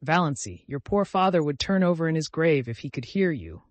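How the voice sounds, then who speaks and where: A man's voice: on the high side, sing-song, fairly quick, no echo, voice pushed up. A man voicing an anxious middle-aged mother in an audiobook, plaintive and moaning. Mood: distressed.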